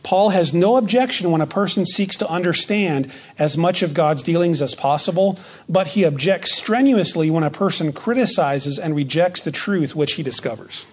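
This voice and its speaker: A man preaching a sermon as pastor, slowing down to stress key phrases and often repeating words as he starts a thought. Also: on the high side, breathy edge.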